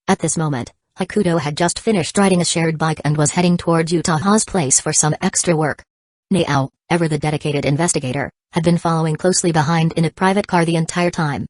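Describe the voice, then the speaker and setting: A woman narrating an audiobook in an even, unhurried reading with uneven pauses. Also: sits low, no room sound.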